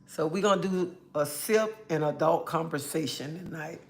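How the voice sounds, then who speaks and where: Woman hosting a laid-back livestream chat. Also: deep voice. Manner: greets chat viewers by name, drawn-out friendly talk. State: feeling under the weather. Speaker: livestream host.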